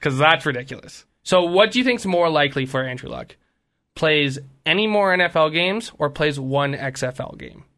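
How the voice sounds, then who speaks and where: A man's voice: a little high, expressive, normal speed, bright, forceful tone. A man from Canada co-hosting a sports podcast, giving opinionated takes in casual chat full of "like". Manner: opinionated, filler-heavy with "like". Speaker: podcast co-host.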